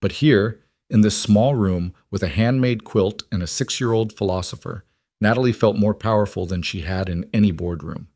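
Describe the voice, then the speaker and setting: Low-voiced man narrating a story. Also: normal speed, a little mellow, no room sound, studio quality. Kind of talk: scripted narration.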